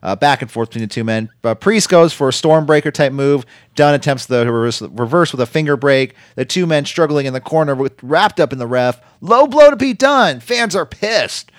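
A man's voice: mid-range voice, a little fast, hardly any pauses, dry recording. Rambling man on a dry mic. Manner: rambling, filler-heavy, reads out match results. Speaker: podcast co-host recapping wrestling. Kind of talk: casual chat.

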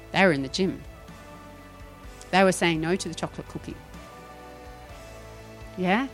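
Animated woman preaching over soft music. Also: mid-range voice, moderate pace, pauses often. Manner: animated, rhetorical questions, acts out quoted voices. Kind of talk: sermon.

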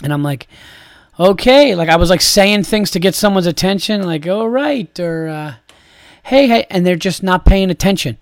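A man's voice: sits high, fairly even intonation, a little fast, hardly any pauses, clean tone, no room sound, studio quality. A young adult man hosting a podcast, ranting in an exasperated, profane, repetitive way. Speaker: podcast host. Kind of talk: casual ranting monologue.

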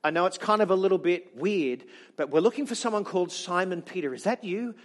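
A man's voice: high voice, animated, fairly quick. A man voicing polite, awkward Roman household servants, speaking hesitantly and apologetically in a sermon retelling. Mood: apologetic.

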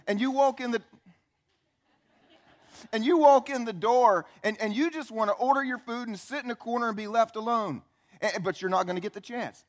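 A man preaching a sermon as a pastor, telling the story in an animated, conversational way, acting out quotes and asking the audience questions. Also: extremely high pitch, normal speed.

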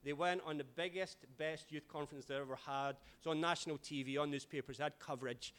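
A man, a pastor telling stories in a sermon with dramatic swings in loudness. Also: on the high side, steady tone, quick pace. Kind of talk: sermon storytelling.

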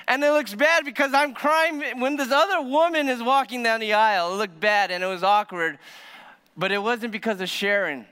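A man preaches from a church stage, his voice high and crisp, sliding from quiet, hushed moments into excited storytelling. The sanctuary's long reverb trails after every phrase. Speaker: pastor. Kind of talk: sermon.

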